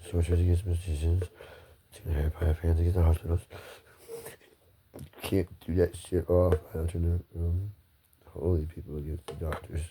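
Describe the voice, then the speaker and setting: A man's voice: low-pitched, flat delivery, moderate pace, long pauses, warm tone, slight background noise. A man rambling through a solo monologue, swearing, restarting and apologizing often.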